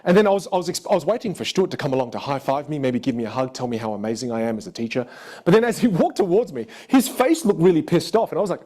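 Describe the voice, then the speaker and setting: A man teaching a live online communication workshop, lively and dramatic, acting out the voices of the people in his stories. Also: racing. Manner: animated, acts out quoted voices with big pitch jumps. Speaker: communication coach.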